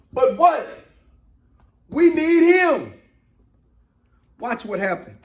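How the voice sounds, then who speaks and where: A man preaching with a high-placed voice and heavy emphasis, repeating lines to drive them home. He swings from near-shouts to hushed, slowed-down asides. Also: reverberant. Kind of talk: sermon-style motivational talk.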